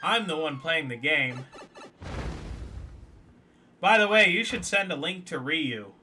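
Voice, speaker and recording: A man's voice: on the high side, lively intonation, slow, sharp tone, a little hiss or hum. A man casually commentating a game on a live stream, joking and teasing a viewer.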